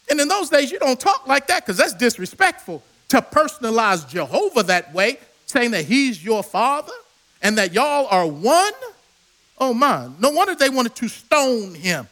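A man's voice: very high-pitched, fairly bright tone. A male preacher delivering a sermon with dramatic storytelling and call-and-response.

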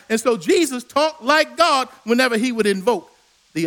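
A man's voice: very high voice, expressive, moderate pace, a bit bright. A male preacher delivering a sermon with dramatic storytelling and call-and-response.

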